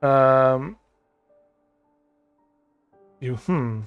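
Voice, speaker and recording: A man's voice: mid-range voice, extremely slow, smooth, no room sound, narrow, tinny audio, soft background music. A man giving thinking-aloud commentary as he plays a digital board game, reading card text aloud and musing with frequent ums.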